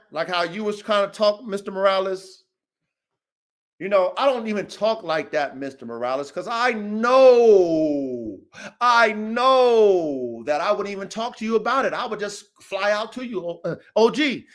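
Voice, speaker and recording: A man hosting a dog podcast livestream, delivering a heated, profane rant with repeated callouts. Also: high voice. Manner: fiery, repetitive, swears a lot, keeps saying "O G". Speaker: dog breeder and podcast host. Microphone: livestream mic.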